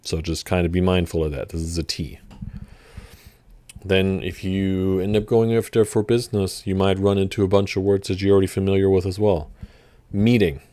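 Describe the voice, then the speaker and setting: A man giving a relaxed, chatty language lesson, with fillers and restarts. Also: low voice, brisk, no echo. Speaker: language teacher. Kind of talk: casual vocabulary lesson.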